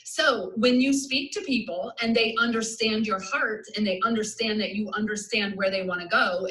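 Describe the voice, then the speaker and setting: A woman with a Southern US accent giving an energetic live business-coaching talk, emphatic and repetitive, laughing often. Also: mid-range voice, reverberant, poor audio.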